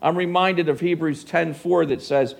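A man's voice: fairly high pitch, fairly even intonation, moderate pace, gravelly. A man preaching a sermon in an earnest way, often asking his listeners rhetorical questions.

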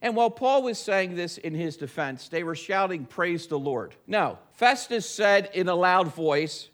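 High-voiced man preaching a sermon. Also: animated, unhurried. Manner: emphatic, rising to loud stressed lines. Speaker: pastor. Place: church sanctuary.

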